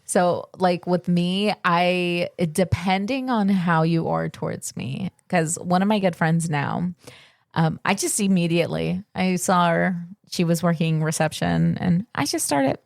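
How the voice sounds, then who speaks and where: A woman's voice: lowish voice, measured pace, creaky, dry recording, studio quality. A woman co-hosting a podcast, telling a story in casual chat, with many fillers and acted-out quotes. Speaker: podcast co-host.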